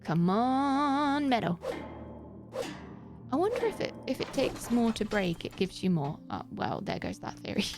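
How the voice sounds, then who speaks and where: A woman's voice: on the high side, wildly swooping pitch, a little slow, over music. A woman live streaming a game, chatting casually and directly with her viewers. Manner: chatty, talks straight to viewers. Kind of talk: casual gaming stream chat.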